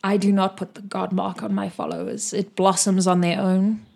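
A woman voicing an ancient male god trapped in a mortal body, speaking in a measured, formal way. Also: medium pitch, flat delivery, vocal fry, a little mellow. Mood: grave.

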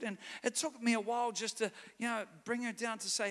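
A man's voice: very high-pitched, level tone, a little fast, hardly any pauses, fairly bright tone. A New man in his forties preaching a sermon, telling a story and building to fervent calls. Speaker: pastor. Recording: long hall reverb.

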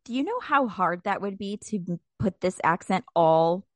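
A woman from Indiana co-hosting a podcast, talking in an animated, outspoken, laughing casual way. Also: mid-range voice, normal speed, no echo. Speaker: podcast co-host. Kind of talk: casual chat.

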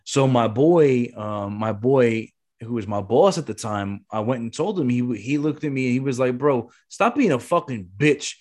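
A man's voice: mid-range voice, warm tone. A man in his thirties telling a rambling, profane story in casual chat. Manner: fast, rambling, lots of swearing and restarts. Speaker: podcast guest telling a story.

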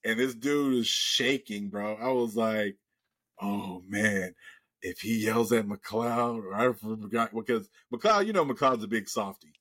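A man's voice: lowish voice, takes it slowly. Profane man telling a story. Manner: profane, animated storyteller acting out quotes. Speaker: podcast host. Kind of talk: casual storytelling.

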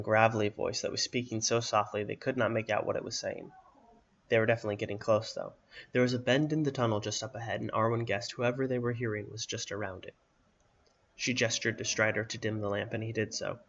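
A man reading a fantasy story aloud in a steady, even narration. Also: fairly low pitch, dull audio.

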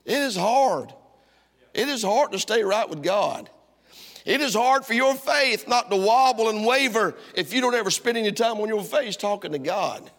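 A middle-aged pastor delivers a sermon in a church sanctuary, his voice high and bright. He swings between loud, driving lines and hushed ones, and the hall gives his words a long echo. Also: animated, moderate pace.

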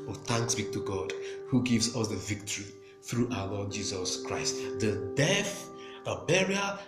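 A man preaching a sermon with emphasis, repeating phrases and breaking into praise. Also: mid-range voice. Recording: echoey room with music behind.

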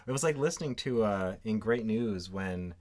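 A man's voice: on the low side, animated, normal speed, a little mellow. A man in his thirties co-hosting a podcast, talking dryly with hesitant hedges. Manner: dry, hesitant, hedging with fillers. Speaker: podcast co-host. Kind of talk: casual chat.

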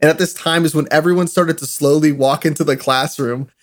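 A young man telling animated stories in a casual chat, laughing often. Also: a little high, a little fast. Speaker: podcast co-host.

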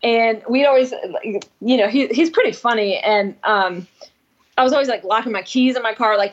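A woman musician telling stories in a casual interview, rambling and swearing, acting out quotes in a higher voice. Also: moderate pace, low-quality recording. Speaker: musician guest.

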